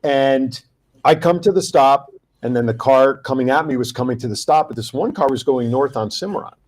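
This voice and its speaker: A man hosting a round-table talk show, telling stories in a lively way and acting out his own shouts. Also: medium pitch, a little fast, rough recording. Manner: animated storyteller, acts out yelling. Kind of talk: casual round-table chat.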